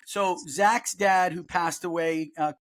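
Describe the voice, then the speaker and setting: A middle-aged man hosts a relaxed podcast conversation with a notably high voice for a man. He tells his stories bluntly and curses freely, keeping the tone casual. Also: slow. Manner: blunt storyteller, swears freely. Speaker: podcast host.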